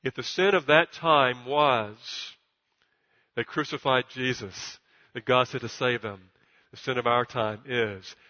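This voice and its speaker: A male pastor preaching a sermon in church, emphatic and repeating himself, climbing to loud peaks and stumbling over words at times. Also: mid-range voice, slow pace. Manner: stutters at times. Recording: dull recording with long church reverb.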